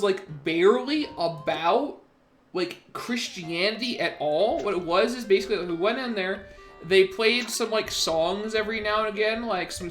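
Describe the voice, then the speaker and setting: A young woman streamer in casual chat with friends, swearing freely, laughing often and rambling with restarts. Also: medium pitch.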